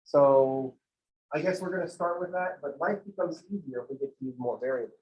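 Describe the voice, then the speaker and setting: A man's voice: fairly high pitch, fairly quick, darkish tone, dull audio. A man teaching a math class in a conversational lecture style, with playful digressions.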